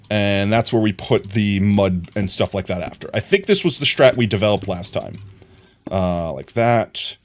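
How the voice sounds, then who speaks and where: A man casually chatting to viewers while playing a building game on a live stream, talking through his plans, laughing often and trailing off quietly while he works. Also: fairly low pitch.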